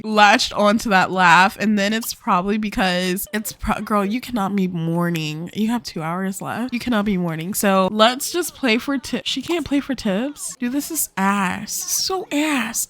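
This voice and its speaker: A young woman giving chatty, excitable commentary while playing a life-sim video game, breaking into loud laughs and squeals. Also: medium pitch. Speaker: gaming YouTuber. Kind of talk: casual let's-play commentary. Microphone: desk microphone.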